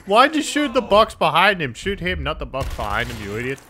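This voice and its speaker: A man commentates a game playthrough in a crude, rowdy way. He taunts the characters and cheers loudly. His voice sits a bit high and sounds bright and forceful. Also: brisk, a little hiss or hum. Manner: excitable, cheers and shouts. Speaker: gameplay commentator.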